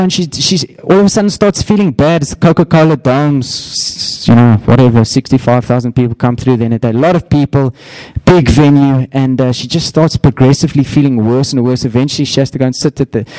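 Preaching in a slightly mellow voice, this middle-aged pastor fills his sermon with stories, raising his pitch whenever he acts out a quote. The audio is low quality and has no room sound.

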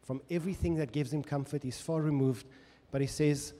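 A man's voice: mid-range voice, quick pace, few pauses, warm tone. A man from South Africa preaching a sermon with passion, often speaking in first person as the psalmist. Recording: long echo of a large hall.

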